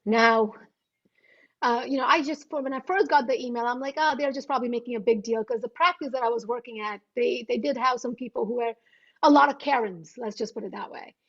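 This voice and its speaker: A high-voiced woman in her thirties tells a self-deprecating story with lively energy. She speaks over a video call, and the audio comes through muffled and lo-fi. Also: fairly quick. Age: 30s. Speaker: guest author. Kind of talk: anecdotal storytelling.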